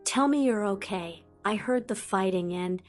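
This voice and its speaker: A woman voicing an earnest, determined teenage witch girl who speaks quickly and sincerely. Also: mid-range voice, soft background music, lightly acted. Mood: earnest, soft.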